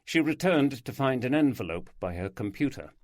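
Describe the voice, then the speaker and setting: Male audiobook narrator, measured, dry close mic. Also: mid-range voice, sing-song, no echo.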